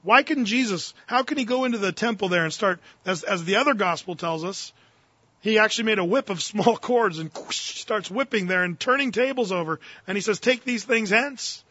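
Male pastor, high and bright voice, folksy and earnest, dry slightly dull recording. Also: expressive, brisk, dry recording. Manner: folksy and earnest, with fillers and slang. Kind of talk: verse-by-verse sermon.

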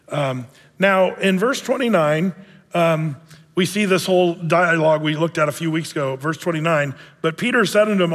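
A male pastor teaching a verse-by-verse Bible study in a relaxed, conversational way, with many fillers and self-deprecating humor. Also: a little high, moderate pace. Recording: long reverb of a big hall.

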